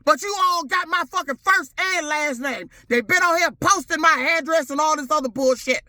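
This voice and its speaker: A woman's voice: high voice, moderate pace, bright, forceful tone, dry recording. A middle-aged woman, ranting angrily and profanely to her camera as a vlogger. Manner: furious, profane, confrontational. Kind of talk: angry rant to camera.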